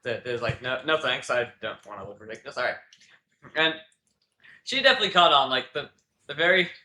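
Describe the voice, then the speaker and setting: Teen boy podcast co-host, rambly, lots of fillers, bright tone, roomy echo. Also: mid-range voice. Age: teens. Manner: rambling, many fillers and restarts, laughs often. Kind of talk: casual chat. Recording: echoey room with faint noise.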